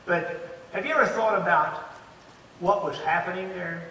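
A man's voice: sits high, normal speed, creaky, sharp tone. A man in his eighties preaching a sermon as a pastor, stressing points with rising emphasis and frequent restarts. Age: 80s. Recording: echoey hall, voice from far off.

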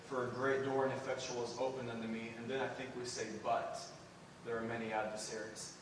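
A man preaching a sermon and telling a mission story, speaking earnestly and building to excited emphasis as he addresses the church. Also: mid-range voice, noisy background. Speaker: preacher sharing a mission report. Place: church sanctuary. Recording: echoey hall, distant mic.

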